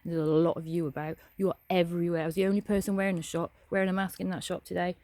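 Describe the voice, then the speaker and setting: A woman's voice: on the low side, little pitch movement, rapid-fire, a little mellow, no room sound. A young woman ranting bluntly to camera, swearing often and speaking frankly. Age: young adult. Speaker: vlogger. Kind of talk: casual ranting monologue.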